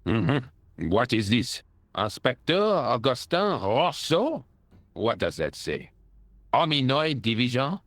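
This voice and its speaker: A pompous old French ex-soldier. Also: male voice, mid-range voice, very animated, takes it slowly, fairly bright tone, dry recording. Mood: haughty. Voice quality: pompous, theatrical chuckling. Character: boastful elderly French ex-soldier, pompous and theatrical. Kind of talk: video game voice acting.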